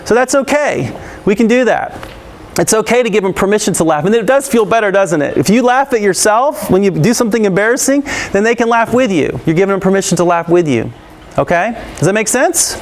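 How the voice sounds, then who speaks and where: A man's voice: high-pitched, animated, a little fast. A man giving an interactive anti-bullying talk to a school audience, asking questions and laughing often. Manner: engaging, peppers the audience with questions; laughs often and acts out scenes.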